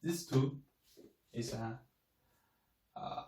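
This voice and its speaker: Slow, patient male Chinese teacher. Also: mid-range voice, mellow. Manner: slow, repeats each sound many times. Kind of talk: language lesson. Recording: echoey room, mic at a distance.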